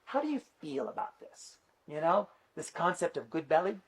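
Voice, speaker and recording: A middle-aged man, a teacher speaking at a conference, tells stories in an animated, chatty way, with lots of fillers. His voice is fairly high and husky, at normal speed.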